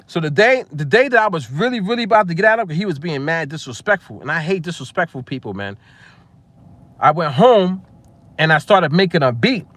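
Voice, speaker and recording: High-voiced storytelling New man. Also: no echo. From Long Island, New York. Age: 40s. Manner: animated, chuckles often, repeats phrases as he tells a story. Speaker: music producer and vlogger. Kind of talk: casual storytelling to camera.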